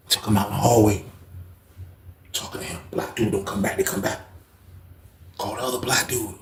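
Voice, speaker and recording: A man's voice: mid-range voice, animated, a little fast, gravelly, pauses often, reverberant. A man casually telling a story from his time in jail, swearing freely and often asking "you know what I mean".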